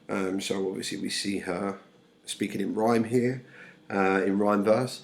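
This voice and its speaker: A man's voice: lowish voice, flat delivery, a little slow, gravelly. A male English teacher casually explaining a play to students, paraphrasing the lines in plain words.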